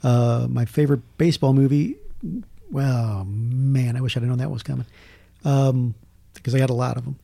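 A man's voice: medium pitch, moderate pace, gravelly, dry recording. A man, a film critic telling jokey stories in casual chat. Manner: storytelling, jokey, lively asides. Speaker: podcast guest, film critic.

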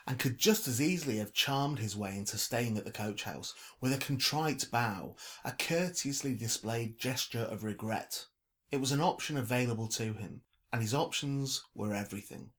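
A man narrates a novel as an audiobook, his mid-range voice even and measured in a storytelling style.

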